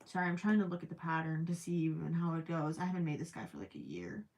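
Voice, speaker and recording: A woman's voice: deep voice, lively intonation, fast talker, darkish tone. A woman chatting casually with her viewers while she crochets, rambling with plenty of ums and self-deprecating asides. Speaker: crochet livestream host.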